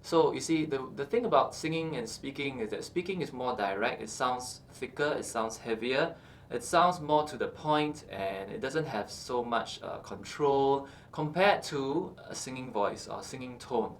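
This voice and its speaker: A man teaching singing, explaining calmly with many fillers and checking in with "okay" as he goes. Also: medium pitch, measured pace, a little hiss or hum. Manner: explains calmly with frequent uh and okay, breaks into short sung examples. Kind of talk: instructional talk with sung demonstrations.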